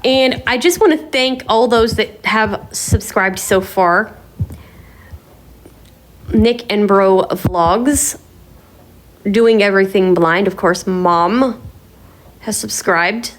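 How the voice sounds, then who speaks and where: A woman's voice: mid-range voice, slow, long pauses. A woman hosting a casual sit-down vlog from her home kitchen, talking in a bubbly, enthusiastic, chatty way. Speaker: vlog host.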